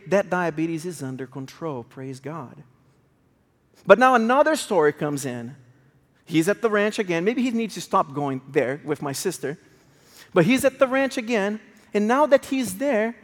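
Male preacher, high-pitched, emotional storytelling sermon, long hall reverb. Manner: emotional, swings from hushed to raised.

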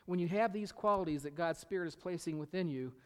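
Middle-aged male pastor, slightly high-pitched, emphatic sermon delivery with whispered asides, recorded in a reverberant church hall. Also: quick pace, smooth. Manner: emphatic, repeats key phrases, drops to a whisper at times.

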